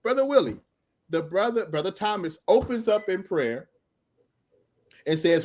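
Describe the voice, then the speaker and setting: A middle-aged man telling a lively personal story as a podcast guest, laughing often and acting out the people in it. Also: high voice, normal speed, long pauses. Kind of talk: animated storytelling.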